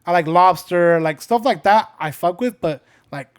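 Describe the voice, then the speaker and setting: Young man, high voice, podcast co-host, rambling storyteller, swears a lot. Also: moderate pace, smooth. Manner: rambling storyteller, swears often, acts out quotes. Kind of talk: casual podcast chat.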